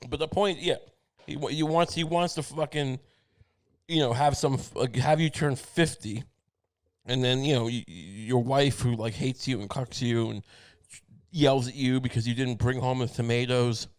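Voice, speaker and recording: A man's voice: medium pitch, normal speed. A man hosting his own comedy podcast, ranting alone in a profane, rambling way with frequent restarts. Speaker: podcast host. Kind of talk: solo comedic podcast rant.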